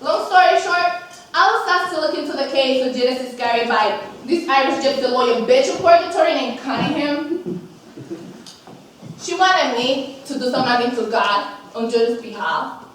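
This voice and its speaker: A woman playing a brash, foul-mouthed, street-talking woman saint with swaggering slang, performed loudly on a college theater stage. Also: high voice, expressive, moderate pace, slight background noise. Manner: loud, taunting stage delivery. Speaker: stage actor. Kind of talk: live stage monologue. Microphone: far camera mic. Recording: echoey stage from far off.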